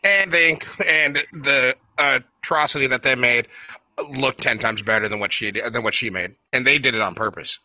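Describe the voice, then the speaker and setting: A man's voice: mid-range voice, normal speed, sharp tone. A man from New England co-hosting a podcast, chatting casually and rambling with lots of fillers. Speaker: podcast co-host. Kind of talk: casual chat.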